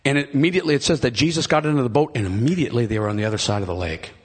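A middle-aged man preaches with a husky, slightly breathy voice at an ordinary male pitch. He retells a scripture story eagerly, stumbling over and repeating phrases as he goes. He often turns to call out to his congregation. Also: very fast. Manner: calls out to the congregation. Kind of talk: sermon.

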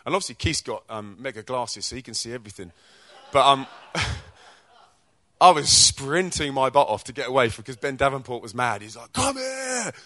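A British man gives a testimony-style sermon to young people, his voice sitting at a medium pitch. He tells stories from his own life in an energetic, chatty way. The sound is dry and close. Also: fairly quick, no echo. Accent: British English. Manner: energetic, chatty storyteller who acts out quotes. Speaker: speaker at a youth church event.

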